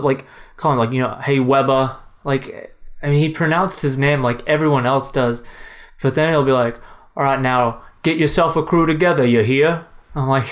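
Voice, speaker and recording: A man co-hosting a casual film review podcast, talking enthusiastically with lots of restarts. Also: medium pitch. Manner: enthusiastic, rambling with restarts and fillers.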